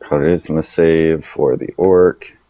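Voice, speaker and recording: A man narrating a tabletop game as game master in a relaxed, chatty way with fillers. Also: very deep voice, slow pace, lo-fi sound.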